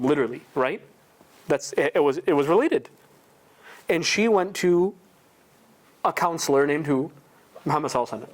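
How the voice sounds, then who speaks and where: Male religious teacher, slightly raised pitch, rapid and conversational, casual lesson. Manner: conversational, asks the audience rhetorical questions. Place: indoor community prayer center.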